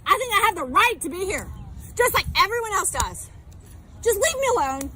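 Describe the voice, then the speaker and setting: A woman shouting angrily and swearing at someone while filming herself outdoors in a public park, her voice going sore. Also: very high-pitched, very animated, brisk, slight background noise. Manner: shouting, angry, profane. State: voice getting sore. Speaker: protester filming a livestream. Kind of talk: heated livestreamed confrontation.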